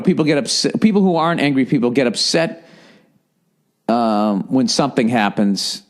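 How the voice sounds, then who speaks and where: A man's voice: mid-range voice, a little mellow. A man in his forties ranting casually and profanely on a solo podcast, exasperated. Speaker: podcast host.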